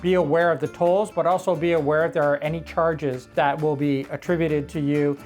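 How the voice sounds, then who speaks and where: A man co-hosts a casual travel vlog, walking through practical driving advice. He talks in a relaxed, slightly rambling way, and soft music runs faintly behind him. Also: fairly high pitch, a little fast. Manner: relaxed, explanatory, a bit rambling. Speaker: travel vlogger co-host. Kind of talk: casual travel tips chat.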